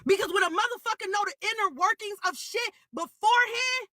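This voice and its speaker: Furious high-voiced woman venting. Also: brisk, no echo, clean studio sound. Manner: heated, repetitive, profane, shouting at times. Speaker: live stream guest. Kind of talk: angry venting on a live stream.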